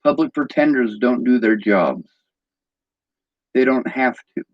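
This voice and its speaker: A man's voice: medium pitch, measured pace, dry recording, lo-fi sound. A man in an angry personal vlog rant, bitter and agitated, swearing often.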